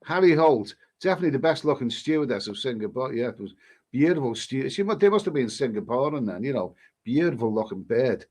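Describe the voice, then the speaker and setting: A man, a travel vlogger, casually reading viewer comments aloud and answering them in a halting way with many restarts. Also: mid-range voice, very animated, darkish tone. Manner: halting, frequent restarts, reads comments aloud then replies. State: coughing now and then. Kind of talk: casual live-stream chat.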